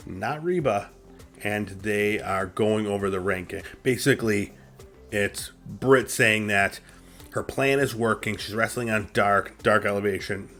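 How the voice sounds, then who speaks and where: A man's voice: on the low side, fairly bright tone. A man hosting a casual recap, chatty and opinionated, with lots of fillers. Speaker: wrestling show reviewer and host.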